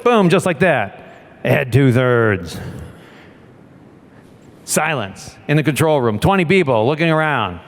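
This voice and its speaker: A man giving a keynote talk as a former submarine captain, animated and acting out the voices in his story. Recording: long hall reverb with faint rumble.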